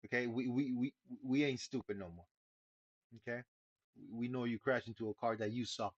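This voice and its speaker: A man's voice: mid-range voice, fairly even intonation, moderate pace, breathy edge, dry recording. A man giving casual live commentary while streaming a game, laid-back and profane, sighing often. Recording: dull lo-fi stream mic.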